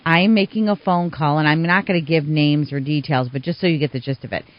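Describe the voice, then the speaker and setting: A woman hosting a community radio interview show, telling stories in an animated way. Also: deep voice, fairly quick, no room sound. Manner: animated storyteller, acts out quoted voices. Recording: dull, slightly muffled radio sound.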